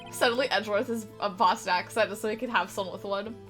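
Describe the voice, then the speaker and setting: A woman's voice: medium pitch, fast talker, a bit bright, faint music behind. A woman streamer chatting casually and playfully with her viewers, giggling as she goes. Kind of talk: casual gaming stream chat.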